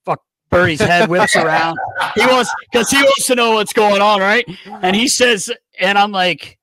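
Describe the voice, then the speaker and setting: A fairly high-voiced man hosts a podcast and rattles off a long, cursing story. He sounds animated and laughs often. The recording is close and very dry. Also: moderate pace, hardly any pauses, dry recording. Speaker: podcast host. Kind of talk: casual storytelling chat.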